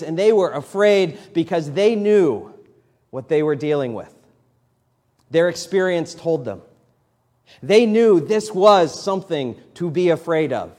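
A man's voice: fairly high pitch, darkish tone. A man in his thirties delivers a sermon in a slightly raised voice, easy and conversational but pushing up for emphasis. The sound carries the long reverb of a church hall. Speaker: pastor. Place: church sanctuary.

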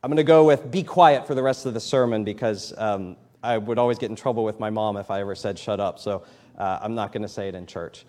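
Conversational preacher in a reverberant church. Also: male voice, fairly low pitch, fast talker, darkish tone. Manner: conversational preaching, rising emphatic delivery. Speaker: pastor. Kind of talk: sermon. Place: church sanctuary. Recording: long hall reverb in church.

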